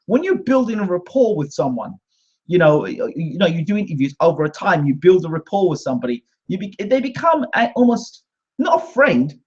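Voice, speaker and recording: A man's voice: high voice, a little mellow, slightly rough. A British man hosting his own channel, delivering an indignant, combative rant to camera. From Britain. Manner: indignant and combative, repeats himself. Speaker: host. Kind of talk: ranting monologue to camera. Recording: dull lo-fi sound.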